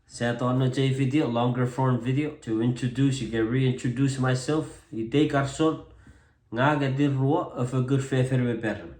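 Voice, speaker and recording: A man with a Chuukese accent chats to the camera in an unhurried, self-deprecating way, stopping often on fillers. His voice sits at an average pitch, and the room around him adds a noticeable echo. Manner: relaxed, self-deprecating, hesitant with many fillers. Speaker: vlogger introducing himself as a translator. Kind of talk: casual to-camera talk mixing English and Chuukese.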